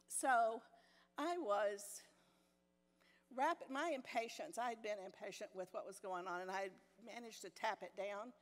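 An older woman teaching a women's Bible study, telling a personal story with self-deprecating humor and frequent laughs. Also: a little high. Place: church meeting hall. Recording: long hall reverb in a church.

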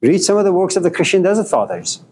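A man giving a storytelling lecture to a class, wry and joking, in an unhurried way. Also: sits high, sing-song, a little mellow, a little hiss or hum. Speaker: philosophy lecturer.

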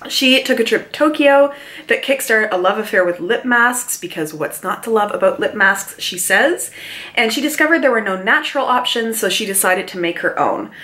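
A woman reviewing a beauty product in a casual, chatty way, reading details aloud with quick asides while sitting at home with a mild cold. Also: a little high, animated, pushed and bright. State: mild cold, mouth breathing. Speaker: beauty vlogger.

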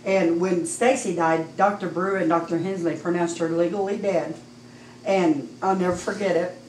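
A woman's voice: fairly low pitch, steady tone, moderate pace. Emotional middle-aged woman, echoey church. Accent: Midwestern American. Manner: emotional, rising to near-shouting when recounting praise. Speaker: church member giving testimony. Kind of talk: personal testimony in church. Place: church sanctuary. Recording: echoey room, distant mic, faint noise.

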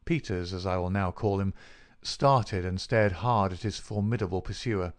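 A man narrating a classic detective story as an audiobook, measured and even. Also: low-pitched. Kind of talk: scripted narration.

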